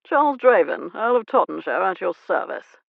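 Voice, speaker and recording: A woman's voice: mid-range voice, big pitch swings, moderate pace, vocal fry, no room sound, phone-quality sound. A woman narrator voicing a suave, genteel earl with a predatory charm. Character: smooth, predatory aristocratic earl, man.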